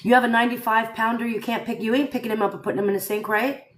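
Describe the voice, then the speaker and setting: A woman's voice: fairly high pitch, very fast. A woman hosting a casual live stream, talking straight to her viewers and firing rhetorical questions at them. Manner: animated, rhetorical, addresses viewers directly. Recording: echoey room sound.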